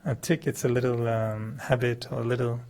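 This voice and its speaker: A middle-aged man, not a native English speaker, gives a chatty, humorous spiritual talk as a meditation teacher. He laughs often at himself and acts out quoted dialogue with big jumps in pitch. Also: level tone, a little fast, darkish tone.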